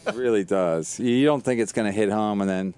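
Smooth-voiced man hosting crude banter. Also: fairly low pitch, darkish tone. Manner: blunt, swearing, quick jokey jabs. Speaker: podcast host and comedian.

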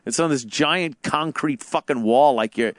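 A man's voice: a little high, moderate pace. A man in casual comedic chat, crude and joking, swearing a lot.

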